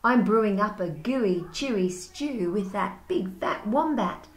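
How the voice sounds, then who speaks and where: Storybook dingo, male, boastful and sing-song, loud and bouncy, read by a woman. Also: medium pitch, lively intonation, measured pace, reverberant, natural voice. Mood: gleeful. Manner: cheerful, sing-song, grinning.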